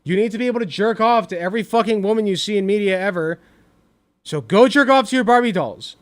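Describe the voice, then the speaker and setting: A man's voice: high-pitched, quick pace. A young man reacting to clips in casual commentary, blunt and profane, repeating himself for emphasis.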